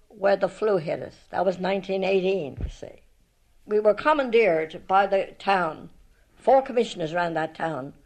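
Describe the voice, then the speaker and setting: An older woman with an Irish accent tells stories from her life in a rambling, lively way, full of restarts and retold conversations. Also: medium pitch, poor audio. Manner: rambling, lively, retells past talk with many restarts. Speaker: storyteller recalling her life. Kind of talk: spoken memoir, reminiscing.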